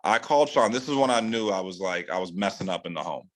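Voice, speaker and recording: A man's voice: quick pace, poor audio. A man from California hosts a team training call and delivers a laid-back motivational talk. He speaks loosely and profanely, full of filler slang, and his voice climbs sharply whenever he drives a point home. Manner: animated, rising pitch for emphasis. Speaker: sales team leader hosting a training call. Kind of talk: casual motivational pep talk.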